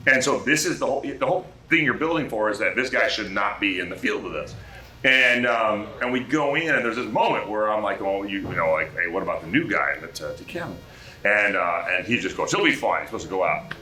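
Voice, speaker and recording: A male actor, a guest on a bar talk show, telling animated stories with lots of restarts and swearing. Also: lowish voice, brisk, reverberant, poor audio. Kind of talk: casual chat, anecdote telling.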